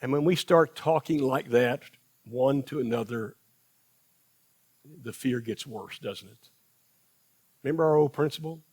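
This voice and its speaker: A man's voice: mid-range voice, a little slow, long pauses, darkish tone, husky. A man preaching a sermon in a church, repeating phrases for emphasis, asking the congregation rhetorical questions and acting out quotes. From United States. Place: church sanctuary.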